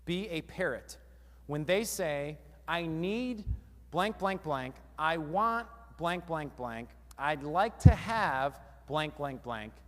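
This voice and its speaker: A man giving a lively live seminar talk on stage, quizzing the audience as he goes. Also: on the high side, takes it slowly, long reverb tail. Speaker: seminar speaker. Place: large hall with a live audience.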